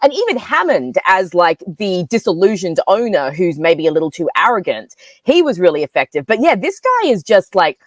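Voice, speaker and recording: Chatty woman with lively pitch. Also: moderate pace, hardly any pauses, dry recording. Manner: chatty, animated, many fillers. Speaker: podcast co-host. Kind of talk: casual film review chat.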